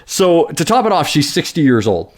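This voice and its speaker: Casting: male podcast host, lively pitch swings, casual, swears freely. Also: normal speed. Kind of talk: casual chat.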